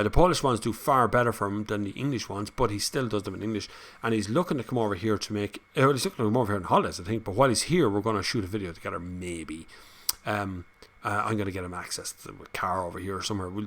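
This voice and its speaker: A man's voice: lowish voice, a bit bright. An Irish man hosting a casual live chat, reading out viewer comments and rambling on between them with frequent laughs. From Ireland. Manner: chatty, rambling, laughs often.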